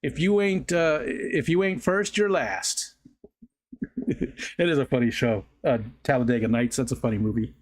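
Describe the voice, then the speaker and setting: A middle-aged man hosting a livestream, telling rambling stories in casual chat, often correcting himself and laughing. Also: mid-range voice. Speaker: livestream host.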